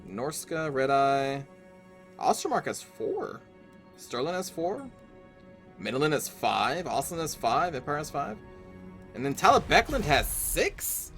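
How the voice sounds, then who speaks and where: A chatty, wry man talks through his strategy game as he plays, his pitch sitting a little high and swinging freely. He thinks aloud in a casual let's-play manner. Faint game music runs underneath. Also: big pitch swings, slow, fairly bright tone. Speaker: gaming streamer.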